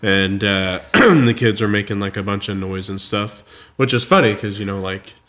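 A man's voice: on the low side, normal speed. Easygoing man chatting with a friend. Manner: relaxed, chuckling, adds ideas. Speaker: co-host. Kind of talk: casual chat.

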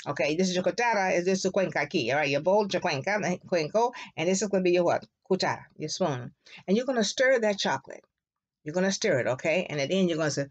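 A woman teaching a Spanish class to young children, repeating words slowly in a sing-song way for them to echo. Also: on the low side, expressive. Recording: dull lo-fi classroom recording.

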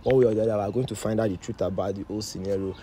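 A man's voice: on the low side, fairly even intonation, very fast, dark tone, a little hiss or hum. A man with a Nigerian accent hosting a staged deliverance video, earnestly speaking to camera and mediating. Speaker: pastor, host.

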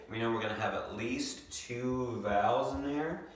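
Slow-talking teacher man in an echoey room. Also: medium pitch, heavy background noise. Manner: patient, slow, stretches out words to sound them. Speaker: second grade teacher. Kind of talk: remote teaching lesson. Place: home room. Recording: echoey room, mic far off.

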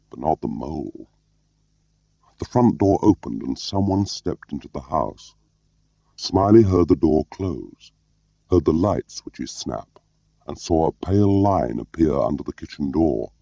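A male audiobook narrator reads in a measured, even way. His voice is extremely deep and dark, with a gravelly edge. The recording is dry and muffled. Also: no room sound. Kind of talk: scripted narration.

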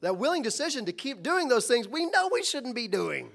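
A man's voice: very high-pitched, sing-song, a little fast, creaky, fairly bright tone. A man preaching a sermon as pastor, impassioned and full of rhetorical questions.

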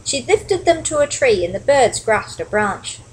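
Woman, storybook reader, high voice, very lively, expressive, read-aloud for little children. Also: unhurried, low-quality recording. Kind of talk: reading a children's picture book aloud.

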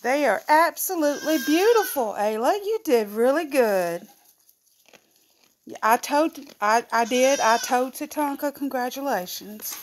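A woman's voice: high voice, lively intonation, measured pace, a little hiss or hum. A woman who breeds goats, chatting casually and cooing affectionately to her animals. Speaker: goat breeder and vlogger.

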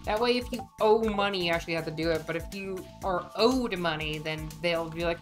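A woman streaming a farming game and chatting casually, playful and quick to swear, often talking to the game's characters. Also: lowish voice, over music. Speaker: vtuber streamer. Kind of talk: casual chat while playing a farming game.

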